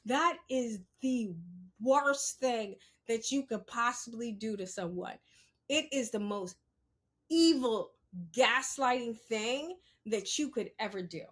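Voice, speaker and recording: A woman's voice: a little high, a bit bright. A woman hosting a podcast, talking unscripted to her listeners, blunt and profane, often asking "You understand?". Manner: blunt, profane, emphatic, talks straight to the listener. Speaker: podcast host. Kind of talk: unscripted solo commentary.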